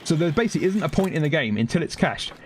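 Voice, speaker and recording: Racing along in a very animated, slightly high voice, a London-accented man from Britain talks to viewers during a live gaming stream. He drifts loosely between topics as he plays, and a little hiss or hum sits in the recording.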